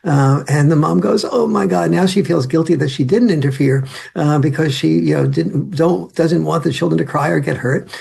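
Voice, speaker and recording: A man's voice: a little high, moderate pace, gravelly, few pauses, a little mellow, slightly rough. A man being interviewed as a guest author, giving long, rambling answers with many fillers and restarts and acting out what family members say.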